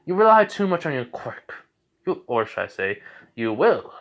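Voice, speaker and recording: A man's voice: mid-range voice, sing-song, normal speed, a bit bright, lo-fi sound, voice pushed up. A man voicing a little boy who talks in a smug, theatrical demon radio-host manner, scolding loftily. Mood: haughty scolding.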